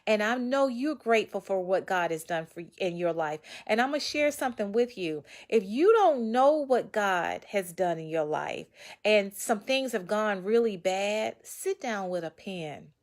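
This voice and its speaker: A woman author giving casual, preachy motivational advice straight to her viewers. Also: mid-range voice. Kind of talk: casual motivational talk to camera.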